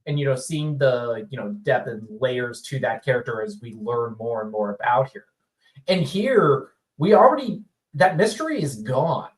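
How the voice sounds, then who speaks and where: A man who guests on a podcast, discussing a movie in casual chat and laying out his points in a measured, analytical way. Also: mid-range voice, lively intonation, echoey room, low-quality recording.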